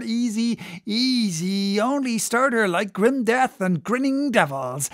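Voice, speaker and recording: A man's voice: very high voice, vocal fry, pitched above the performer's own voice, exaggerated voice. Man doing a bellowing whaleboat mate. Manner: shouting, urgent, rallying. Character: boisterous pipe-smoking whaleboat mate bellowing orders at his rowers.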